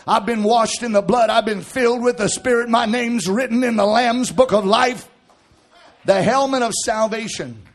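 A man preaching a fervent sermon in church, calling out to the congregation and shouting with rising intensity. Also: very high-pitched, moderate pace.

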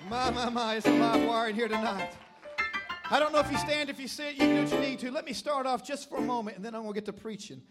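Over loud music at a church service, a middle-aged Tennessee-accented preacher from Middle Tennessee gives a revival sermon. His extremely high voice moves at a quick pace as he tells stories emphatically and builds to shouted calls.

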